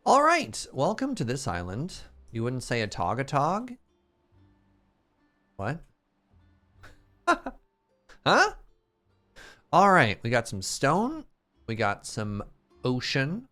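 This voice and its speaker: A man's voice: medium pitch, sharp tone. A Canadian man chatting casually and joking around while streaming a game. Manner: playful, joking, exclamatory. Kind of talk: casual gameplay chat.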